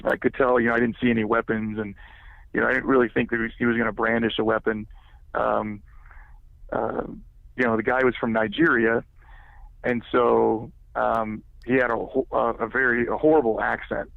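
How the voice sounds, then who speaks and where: A man's voice: medium pitch, flat delivery, moderate pace, gravelly, no room sound. A man telling a personal story as a podcast guest, rambling and leaning heavily on filler words, heard over a tinny phone-like line.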